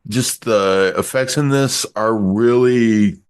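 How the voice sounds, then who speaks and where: A man's voice: fairly low pitch, slow pace, smooth. Rambling man recapping a movie plot. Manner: rambling, stumbles and restarts, retells plot. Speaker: podcast movie reviewer. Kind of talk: casual chat.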